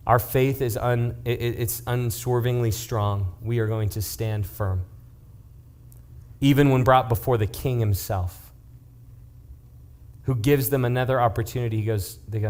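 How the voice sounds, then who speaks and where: A man's voice: mid-range voice, normal speed. A young man giving a casual youth sermon as youth pastor. He jokes and keeps checking in with his listeners as he tells stories. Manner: joking, conversational, checks in with the audience; lively storyteller.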